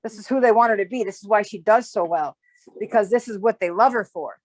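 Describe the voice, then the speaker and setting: Her voice sits at medium pitch and moves a little fast. The astrologer guest explains things at length in loose, rambling fashion, restarting sentences and frequently asking "right?" during this casual chat.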